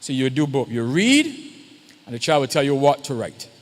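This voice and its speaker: A man's voice: medium pitch, very animated, normal speed. A man, a pastor, speaking informally at a church youth service and often checking in with the audience. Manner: conversational, keeps checking in with the audience. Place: church hall. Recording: long hall reverb.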